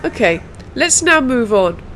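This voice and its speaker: British woman, pronunciation teacher, higher voice, slow deliberate delivery, faint noise behind. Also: sing-song, fairly bright tone, low-quality recording. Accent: British English. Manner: slow, carefully drilled pronunciation with repeated sounds. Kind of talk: pronunciation lesson.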